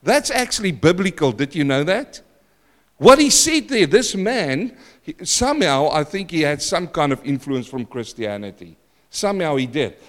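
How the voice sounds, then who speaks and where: Guy preaching in a church, kinda high voice, repeats himself a lot, loud then hushed, long echo. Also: sing-song, normal speed. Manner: dramatic, repetitive, swings between loud and hushed. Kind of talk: sermon.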